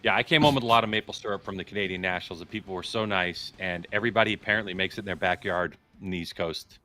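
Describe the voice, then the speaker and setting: A man commentating archery in a relaxed, joking chat, telling stories with animated asides. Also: deep voice, racing.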